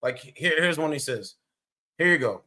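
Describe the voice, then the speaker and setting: A man's voice: fairly high pitch, animated, normal speed, pushed and bright. A man giving casual, blunt reaction commentary, rambling and swearing as he goes. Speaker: streamer commentator.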